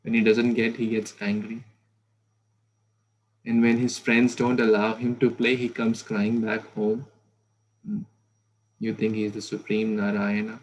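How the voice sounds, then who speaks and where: A man's voice: lowish voice, level tone, measured pace, pauses often, low-quality recording. A man voicing a doting mother who teasingly scoffs at claims that her small son is divine. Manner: teasing, chatty, rhetorical questions.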